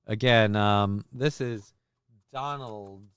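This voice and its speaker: A man's voice: on the low side, slow pace, fairly bright tone, clean tone, dry recording, clean studio sound. A man hosting a live show, reacting to clips in casual commentary, rambling and crude with plenty of fillers and swearing.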